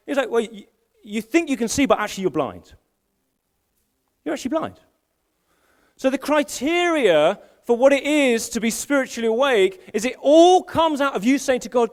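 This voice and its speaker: A middle-aged pastor preaches a live sermon in an animated, storytelling way. His voice sits high for a man and leaps around in pitch. He restarts phrases often and jokes at his own expense. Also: normal speed. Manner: animated storytelling, self-deprecating humor, frequent restarts. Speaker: senior pastor. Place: church service in a school hall.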